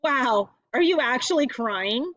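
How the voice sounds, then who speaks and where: A mean, bossy schoolgirl, as a woman reader puts her on, barking orders in a sneering tone. Her voice is raised in pitch and sounds close and dry. The recording is somewhat dull and lo-fi. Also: animated, measured pace, a bit bright, no echo.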